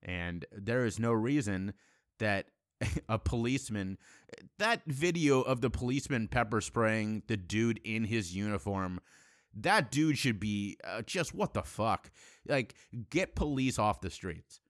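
Impassioned, blunt man, low voice. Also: expressive, no echo, clean studio sound. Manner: impassioned, blunt, profane, halting restarts. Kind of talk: solo opinion monologue.

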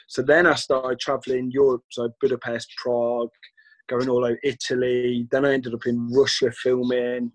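A man's voice: medium pitch, flat delivery, moderate pace, no echo. Rambling British man telling stories. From United Kingdom. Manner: rambling, anecdotal, acts out quoted dialogue. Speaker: guest. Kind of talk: casual storytelling chat.

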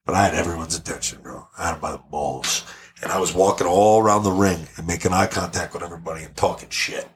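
A brash, animated man with a somewhat low voice tells stories on a podcast. He talks in a casual, profane way. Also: fast. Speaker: podcast guest. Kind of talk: casual storytelling.

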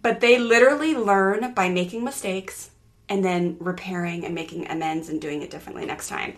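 A middle-aged woman co-hosts a parenting podcast in relaxed conversation. She tells stories animatedly, often restarting her sentences as she goes. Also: on the low side, normal speed. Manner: animated storytelling with many restarts. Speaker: podcast co-host, parenting coach. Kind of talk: casual podcast chat.

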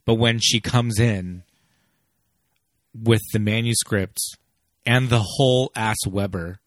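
A man co-hosting a casual film podcast who talks in an animated way, laughs often and says "like" a lot. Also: on the low side, slow, no room sound, studio quality. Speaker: podcast co-host.

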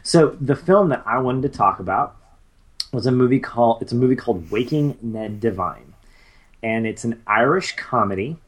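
A man's voice: mid-range voice, lively intonation, normal speed. A man in his thirties co-hosting a podcast, chatting casually and rambling with many fillers and restarts. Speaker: podcast co-host. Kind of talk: casual chat.

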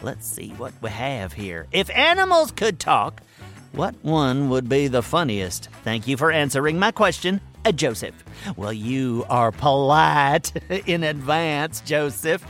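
A man voicing a boastful, excitable furry animal sidekick who hosts a kids' comedy radio show. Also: on the high side, a little slow, soft background music, full character voice.

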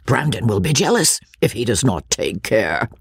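A woman's voice: very deep voice, big pitch swings, moderate pace, gravelly, slightly rough, dry recording, studio quality, full character voice. A woman voicing a hearty, blustering older country squire who talks in a boisterous, gossipy way. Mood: jovial.

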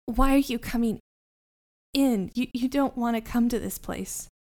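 A woman's voice: fairly high pitch, warm tone, voice pushed up. A woman voicing a timid, frightened young boy in a tabletop game, who stammers and trails off. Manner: halting, stammering.

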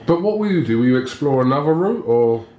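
A man's voice: medium pitch, animated, fast talker, lo-fi sound. A man interviewing a boxer, asking pointed questions and pushing follow-ups. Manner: probing, pushes follow-ups. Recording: roomy with background noise.

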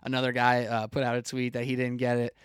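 A man's voice: medium pitch, monotone, quick pace, clear, resonant tone, no room sound, studio quality. A young man hosting a sports talk show, chatting casually, laughing easily and drawing out his words.

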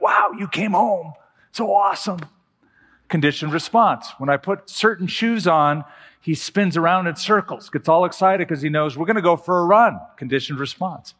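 A middle-aged man preaching a sermon as a pastor, telling stories with slow, emphatic pauses. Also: mid-range voice, fairly bright tone. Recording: long hall reverb with faint music.

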